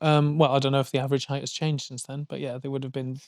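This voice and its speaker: A man co-hosting a comedy podcast, dry and jokey with quick asides. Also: medium pitch, little pitch movement, crowd noise. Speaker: podcast co-host. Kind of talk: casual comedy chat.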